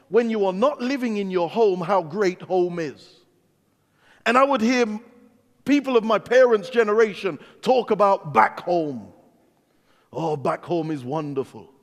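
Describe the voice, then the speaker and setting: A male preacher with an English accent, his voice pitched high and swinging widely as he tells stories. He delivers a sermon in an animated way, acting out the other voices in his stories. A long reverb trails each phrase, as if he is in a large hall. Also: normal speed. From England. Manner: animated storytelling preacher, acts out dialogue. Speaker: pastor.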